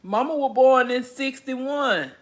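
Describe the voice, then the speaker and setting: Speaking slowly in a high-pitched voice, a woman in her forties hosts a relaxed livestream. She reads out comments from viewers and chats in a homey way, often breaking into laughter.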